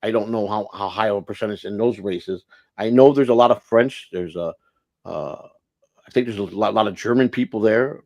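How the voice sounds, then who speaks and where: A man's voice: fairly low pitch, normal speed, a little mellow, no room sound. A man hosting a casual livestream, rambling and blunt, swearing freely and restarting his sentences. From United States. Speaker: livestream host.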